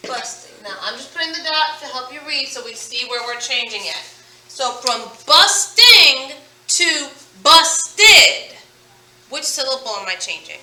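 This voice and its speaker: A woman teacher leading a phonics lesson, stretching out words slowly and praising her students as she goes. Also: a little high, expressive, pushed and bright, roomy sound, far from the mic, rough recording. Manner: slow, drawn-out word modelling with praise.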